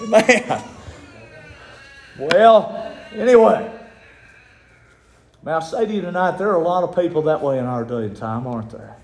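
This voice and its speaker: A man preaching a sermon, impassioned and rising to shouts. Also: a little high, lively intonation, a little slow, pauses often, a little hiss or hum. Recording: echoey room.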